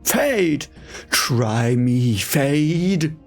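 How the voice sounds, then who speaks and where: A man voicing a young male hero who shouts to rally defenders in a battle. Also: very high-pitched, little pitch movement, measured pace, soft background music, voice pushed up. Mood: commanding.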